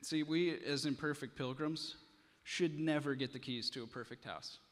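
A pastor in a church, telling a story with drama and then preaching earnestly. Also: male voice, on the high side, normal speed. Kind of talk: sermon. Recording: long hall reverb.

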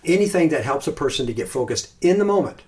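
A man hosting a podcast, talking casually and thoughtfully about Christian meditation, pausing and restarting, sometimes reciting phrases slowly. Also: a little high, animated, darkish tone. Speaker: podcast host.

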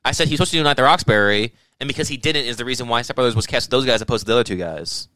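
A man's voice: medium pitch, very fast, pushed and bright, no echo. A man co-hosting a casual chat, riffing sarcastically and joking around.

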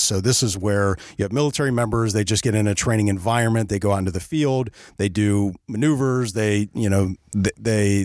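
A male podcast host tells a comedy story in a lively, swinging voice. He keeps it conversational and often checks in with "right?", and the sound is close and dry. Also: lowish voice, dry recording.

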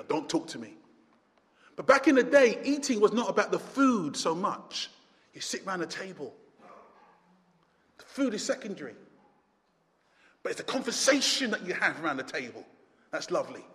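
Preacher with a high voice. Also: male voice. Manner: impassioned, rising to near shouts then dropping low. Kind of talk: sermon. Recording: hall reverb.

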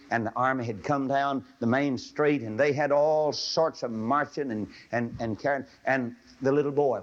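Fervent preacher on old radio. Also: male voice, mid-range voice. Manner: fervent, folksy, builds to emphatic pleading. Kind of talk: sermon. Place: live sermon before an audience. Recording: dull lo-fi old radio broadcast.

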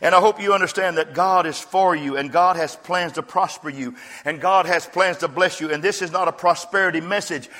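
Guy preaching in a big echoey church, bright pushy voice, crowd murmuring faintly, shouts it out. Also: on the high side, fairly quick. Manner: rousing call-and-response preaching, rising to shouts. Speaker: pastor. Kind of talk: sermon. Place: church sanctuary. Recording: reverberant church hall with congregation.

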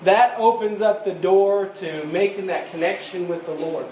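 A man's voice: high-pitched, normal speed, a little mellow. A man preaching a sermon, reading old scripture aloud and retelling it as a plain story. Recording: echoey room with faint ambient noise.

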